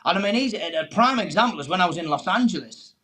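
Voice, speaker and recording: A comedian, his voice sitting a little high, tells a story on a panel show. He is animated and acts out the people in it. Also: quick pace. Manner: animated anecdote teller, acts out quoted voices. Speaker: comedian guest.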